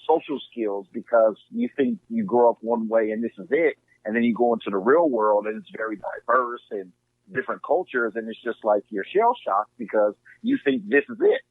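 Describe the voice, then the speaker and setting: A man's voice: mid-range voice, sing-song, normal speed, vocal fry, no room sound. Earnest man on a tinny line. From Inglewood, California. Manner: earnest, heartfelt, filler-heavy. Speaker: podcast guest. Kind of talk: casual conversation. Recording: tinny phone-like line, dry.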